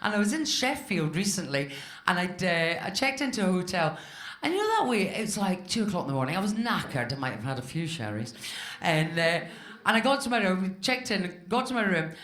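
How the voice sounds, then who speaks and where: A woman in her fifties from Scotland works a club crowd with a stand-up set, her pitch swinging up and down as she chats. She is chatty and self-mocking, and the echoey room carries bursts of audience laughter behind her. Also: very animated, a little fast, fairly bright tone. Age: 50s. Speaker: stand-up comedian. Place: comedy club stage.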